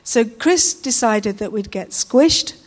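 A woman's voice: fairly high pitch, animated, slow pace. A middle-aged woman giving an informal, chatty sermon, often adding tag questions. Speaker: preacher.

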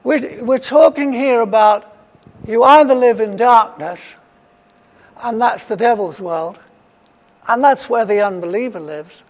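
A man's voice: extremely high pitch, unhurried, long pauses. A man preaching a sermon, emphatic and repeating his key phrases for weight. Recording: long hall reverb.

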